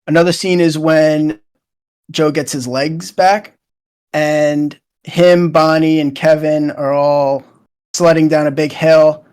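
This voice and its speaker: A man's voice: a little high, level tone, takes it slowly, darkish tone, clean tone. Young man casually recapping scenes. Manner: rambling, lots of fillers and "he's like". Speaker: show co-host. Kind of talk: casual retelling of show scenes.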